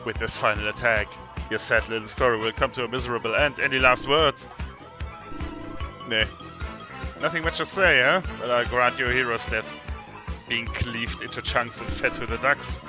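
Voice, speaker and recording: A man's voice: mid-range voice, steady tone, normal speed, over music, close to an everyday voice. A man doing a gloating evil knight villain. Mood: taunting. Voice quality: boastful, taunting, gloating. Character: arrogant bloodthirsty male evil knight villain. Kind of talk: reading game dialogue aloud.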